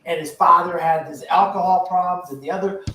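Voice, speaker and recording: A man's voice: high-pitched, steady tone, fairly quick, bright, forceful tone, a little hiss or hum. An older man casually and enthusiastically telling a long rambling story about a movie on a panel. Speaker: podcast panelist. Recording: echoey, distant from the mic.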